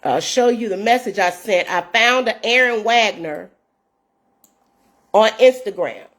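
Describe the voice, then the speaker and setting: This host, a woman in her fifties with her own show, has a medium-pitched, somewhat bright voice with lively intonation and a measured pace. Earnest and casual, she tells viewers a story, addresses them as "y'all," and reads messages out loud.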